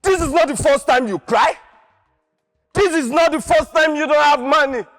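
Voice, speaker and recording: A man's voice: very high-pitched, moderate pace, a bit bright, in a large hall, soft background music. A male acting contestant performing a stage monologue as an impassioned man urging people never to give up, delivered in a preachy, rousing way.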